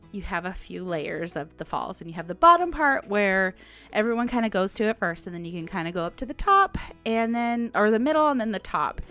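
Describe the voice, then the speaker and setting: A woman hosting a podcast, telling stories in a chatty, animated way and laughing often. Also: medium pitch. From United States. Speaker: podcast host. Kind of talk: casual storytelling monologue.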